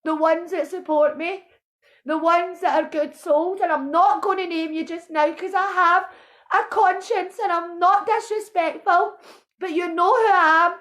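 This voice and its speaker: A woman with a very high voice rants with raw emotion. She accuses and pleads in turn, her voice strained with feeling. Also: fairly even intonation, unhurried, fairly bright tone. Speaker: protesting mother. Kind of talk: impassioned video rant.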